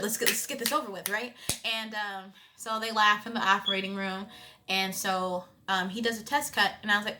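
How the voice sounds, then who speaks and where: A young woman in her twenties telling a personal story in a casual vlog, expressive and conversational, with loud emphatic bursts. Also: mid-range voice, a little fast, slight background noise. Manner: animated storytelling with frequent "you know what I'm saying". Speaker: vlogger.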